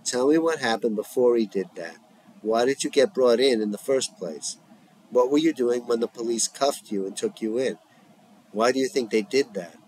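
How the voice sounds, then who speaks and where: A man voicing a calm, probing male therapist as he reads a script aloud in a measured, questioning way. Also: mid-range voice, slight background noise, natural voice, low-quality recording.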